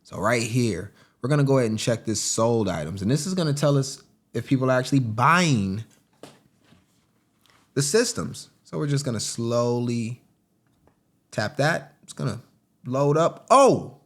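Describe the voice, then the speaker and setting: A man, a gaming vlogger, chatting casually to viewers as "team" while walking through listings on screen, with excitable bursts. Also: medium pitch, moderate pace. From United States. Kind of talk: casual screen-recording commentary.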